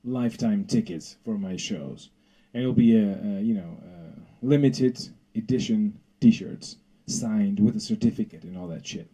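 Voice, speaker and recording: A man doing a rambling, deadpan stand-up comedy bit. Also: on the low side, a little slow, hardly any pauses, slightly rough, poor audio.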